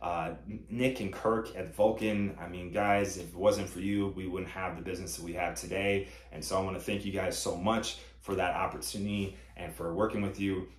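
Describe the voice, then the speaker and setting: A man's voice: low-pitched, fairly even intonation, normal speed, roomy sound. A man who runs a comedy company, giving an earnest live-streamed announcement full of thanks.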